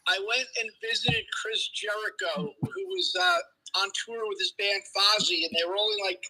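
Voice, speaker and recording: A man calling into a live stream over a video call from a restaurant, telling stories in an excitable, stumbling way and laughing as he talks. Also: high voice, normal speed, gravelly, a crowd in the background, rough recording. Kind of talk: casual chat.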